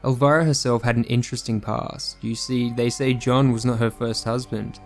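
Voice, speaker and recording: A man reading a scripted true crime narration in a measured, sombre manner. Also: mid-range voice, fairly even intonation, soft background music.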